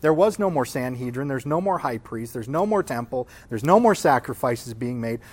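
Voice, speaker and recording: A man's voice: medium pitch, animated, moderate pace, a little mellow, husky. A man teaching a Sunday school class on the Bible in an informal, conversational way, often checking in with the class by asking "right?".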